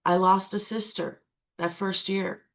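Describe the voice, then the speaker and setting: A woman's voice: mid-range voice, little pitch movement, measured pace, gravelly, a bit bright. A middle-aged woman sharing her recovery testimony, earnest and repeating key phrases for emphasis.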